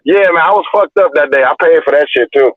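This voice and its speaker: A young man spins animated, cuss-heavy stories in a relaxed chat. His voice sits a bit high. The sound is dry and narrow, like a phone line. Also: fast talker, dry recording. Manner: profane, animated storytelling. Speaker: livestream host. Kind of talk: casual storytelling chat. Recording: dry, tinny phone-like audio.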